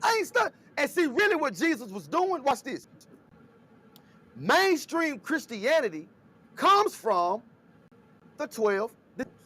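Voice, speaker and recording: A man co-hosting a casual talk show, retelling scripture scenes in an animated, storytelling way. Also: very high voice, measured pace, long pauses. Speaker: co-host.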